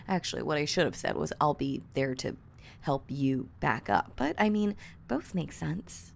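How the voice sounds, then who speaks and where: A woman's voice: deep voice, animated, a little slow, vocal fry, long pauses, a little hiss or hum, full character voice. A woman playing a giggly obsessive kidnapper. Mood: teasing. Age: young adult. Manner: giggly and teasing, slipping into soft whispers; breaks off to fix her own lines. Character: obsessive young woman who kidnapped her crush. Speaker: voice actress. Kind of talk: audio role-play.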